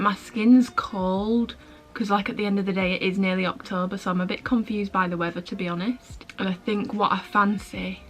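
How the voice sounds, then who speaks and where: A woman's voice: medium pitch, fairly bright tone. Chatty young Englishwoman vlogging at home. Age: early 20s. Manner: chatty and rambling, with lots of "like". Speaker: fitness vlogger. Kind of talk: casual vlog chat.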